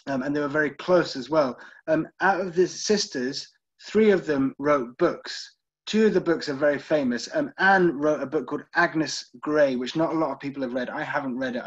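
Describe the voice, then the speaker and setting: British male tour guide, chatty and informal, a bit husky, lo-fi online audio. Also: mid-range voice. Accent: British English. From United Kingdom. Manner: chatty, checks in with listeners, frequent ums. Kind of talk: live online literary tour talk with poem readings.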